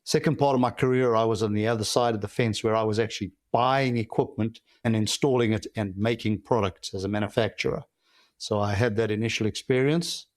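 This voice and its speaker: Middle-aged South African man, measured. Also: fairly low pitch, darkish tone, dry recording, clean studio sound. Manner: measured and reflective, with frequent "uh" pauses. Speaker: guest, company founder and CEO. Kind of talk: conversational interview answers.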